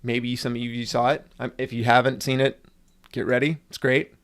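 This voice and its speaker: A man's voice: mid-range voice, level tone, moderate pace, a bit bright, clean tone. A man hosting a casual livestream, ranting with sarcasm and frequent swearing. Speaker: livestream host.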